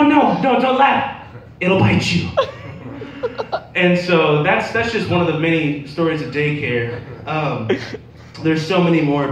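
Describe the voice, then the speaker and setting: Young man, open-mic comic, rambly filler-heavy delivery, slightly higher voice, faint bar noise. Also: a bit bright. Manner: rambling storytelling with many fillers. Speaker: stand-up comedian. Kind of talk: open-mic stand-up set. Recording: roomy bar sound from a distance.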